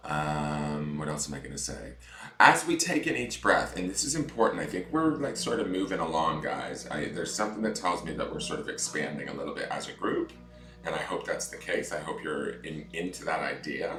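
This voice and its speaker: A man with a deep morning voice, chatting on a tarot livestream and guiding a breathing meditation. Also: lively intonation, brisk, bright, forceful tone, roomy sound. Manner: chatty, reads viewer comments aloud. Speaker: tarot reader.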